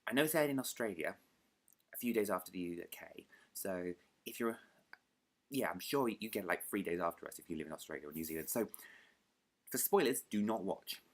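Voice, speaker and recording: A man's voice: deep voice, expressive, fairly quick. A young British man chatting to camera as a book vlogger, rambling and self-deprecating, often restarting his sentences. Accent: British English. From United Kingdom. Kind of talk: casual chat to camera.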